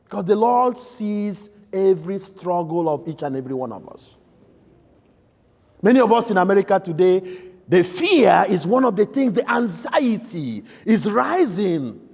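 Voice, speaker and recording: A man preaching a sermon as priest in a church, emphatic, swinging between loud outbursts and soft, quiet lines. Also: high-pitched, sing-song, normal speed, vocal fry, slightly rough. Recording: echoey church hall.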